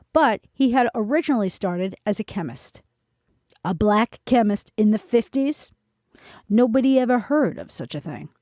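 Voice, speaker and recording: A middle-aged woman reads from her own memoir with an earnest storytelling touch. Her voice is mellow and soft-edged. The recording is dry and close, with no room sound. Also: medium pitch, no echo. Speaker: author reading her memoir. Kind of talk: memoir reading on a podcast.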